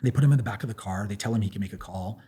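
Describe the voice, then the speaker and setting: An American man telling stories in a casual, animated way, full of fillers and restarts, and laughing often. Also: fairly low pitch, rapid-fire, husky. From United States. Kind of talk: casual anecdotal storytelling.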